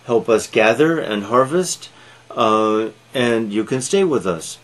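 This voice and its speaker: A man's voice: mid-range voice, expressive, slow pace. A man reading as a practical woman striking deals. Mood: bargaining. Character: kindly practical woman of the hut.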